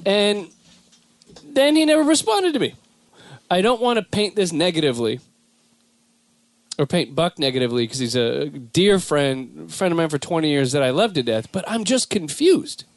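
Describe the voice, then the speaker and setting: A young Southern California man hosts a casual comedy podcast, rambling animatedly and slipping into silly put-on voices and impressions. His voice is fairly high, at normal speed, with no echo.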